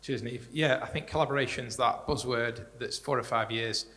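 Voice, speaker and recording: A man speaking as a panelist in a live discussion, talking quickly and conversationally and repeating words as he restarts. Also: mid-range voice, sharp tone. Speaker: panelist, director of strategic partnerships. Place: large hall at a live panel event. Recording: reverberant hall.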